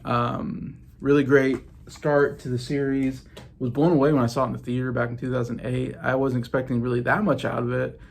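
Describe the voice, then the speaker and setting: Chatty man with a gravelly voice. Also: medium pitch, level tone, a little fast, a little hiss or hum. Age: late 30s. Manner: chatty, meandering, enthusiastic. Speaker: YouTube host. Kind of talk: casual movie-collection vlog. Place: home basement.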